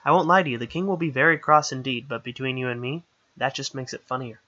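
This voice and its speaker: Guy doing a cheeky trickster fairy jester, bright voice, kinda dull lo-fi sound. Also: mid-range voice, fairly even intonation, fast. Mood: gleeful. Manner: playful, rhyming, teasing. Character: impish male jester fairy, rhyming trickster.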